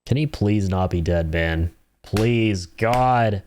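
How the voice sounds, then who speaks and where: A man streaming a game, giving casual, slangy, excitable commentary full of swearing. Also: lowish voice, slow pace, dry recording.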